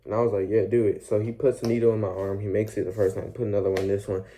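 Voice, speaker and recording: A young man tells a personal story in a loose storytime vlog. His voice sits a bit low, and he rambles along in slang, often starting a sentence over. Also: flat delivery, racing, dark tone, a little hiss or hum. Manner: rambling, slangy, with many restarts and fillers.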